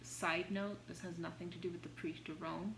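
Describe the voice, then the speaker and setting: A woman's voice: lowish voice, fairly even intonation, normal speed, vocal fry, reverberant, background noise. A woman music teacher telling a composer's story in a chatty, playful way, with dramatic exclaimed punchlines. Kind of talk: casual educational storytelling.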